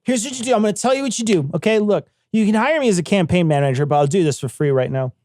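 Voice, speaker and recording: A podcast co-host in casual political chat, blunt and profane, repeating lines for emphasis. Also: male voice, high-pitched, fast talker, a little mellow, dry recording.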